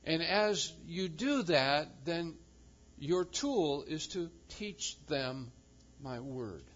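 A male pastor preaching a sermon with emphasis, swinging from loud proclamation to quiet intensity. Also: a little high, expressive, very slow, dull audio.

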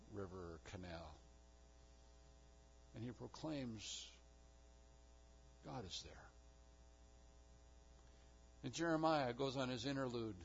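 A man preaching a sermon with emphatic delivery, rising to loud declarations and dropping to hushed low lines. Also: creaky, dull audio, a little hiss or hum. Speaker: pastor.

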